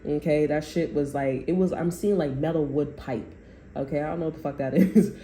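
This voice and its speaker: A woman's voice: low-pitched, fairly even intonation, a little fast, dark tone, a little hiss or hum. A woman giving a casual tarot reading, rambling and profane, with slangy talk and bursts of laughter. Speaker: tarot reader. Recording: echoey room.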